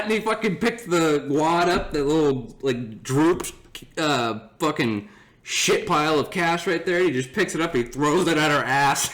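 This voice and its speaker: A young man hosting his own podcast tells a story casually and animatedly, laughing often and acting out his friends' voices. His voice is fairly high and sharp in tone, at a moderate pace.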